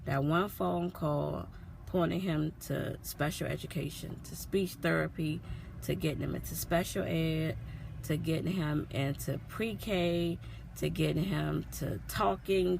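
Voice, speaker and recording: A mother with a lowish, creaky, darkish voice earnestly tells her son's story in a personal vlog, with slight background noise. Her retelling is emotional and she repeats herself with feeling.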